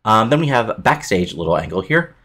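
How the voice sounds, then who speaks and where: A man casually narrating a wrestling booking game, rambling with plenty of filler words. His voice is low and he talks fast. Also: big pitch swings, fairly bright tone. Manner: rambling, many fillers like "you know".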